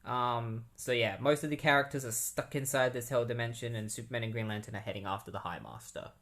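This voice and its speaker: A man's voice: mid-range voice, fast, a bit bright. A man hosting a podcast, casually recapping a comic book story in a rambling way with many fillers. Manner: rambling, heavy use of "like" and "um" fillers. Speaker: podcast host.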